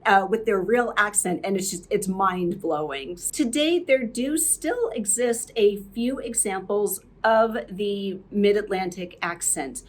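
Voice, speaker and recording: Slow-talking woman podcast host. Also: medium pitch. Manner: chatty, with fillers and restarts. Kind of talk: scripted podcast narration.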